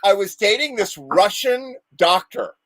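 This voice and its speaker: A man's voice: high voice, sing-song, a little slow, a bit bright, no room sound. A man telling a long, rambling story in casual chat on a live show, full of restarts.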